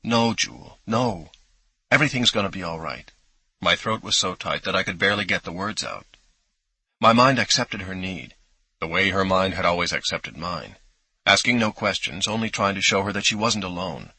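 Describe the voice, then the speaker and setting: A man's voice: sits low, moderate pace, pushed and bright, slightly rough, rough recording. A man narrating an audiobook in an intimate first-person storytelling manner, close on a studio mic. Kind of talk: scripted narration.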